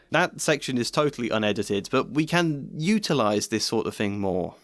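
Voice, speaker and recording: Man, video essayist, thoughtful explanatory commentary, mid-pitched voice, dry close sound. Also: animated, normal speed, hardly any pauses, no room sound. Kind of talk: analytical commentary on his own rewrite.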